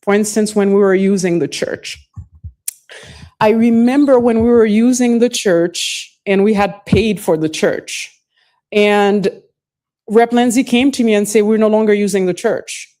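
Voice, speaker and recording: A woman's voice: medium pitch, a little slow, dark tone. Hesitant woman testifying at a hearing. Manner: hesitant, searching for words, restarts phrases. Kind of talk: formal testimony.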